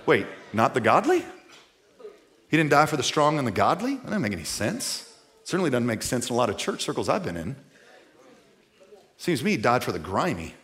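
A man preaching a sermon to a live congregation, animated, with folksy asides, moving between loud and quiet. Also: mid-range voice, fairly quick. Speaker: pastor. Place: church before a live congregation.

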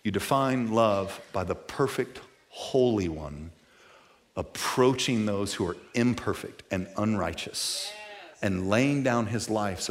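A man preaching a sermon to a live congregation, animated, with folksy asides, moving between loud and quiet. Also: on the low side, takes it slowly. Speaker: pastor. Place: church before a live congregation.

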